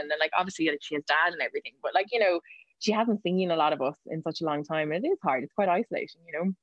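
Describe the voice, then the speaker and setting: An Irish woman talks as a podcast guest, racing through chatty stories at a very fast clip. Her voice sits a little low, and she laughs easily. The sound is dull and lo-fi, with no room echo. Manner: chatty, quick anecdotes, laughs often. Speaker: guest, news reporter. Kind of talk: casual podcast interview.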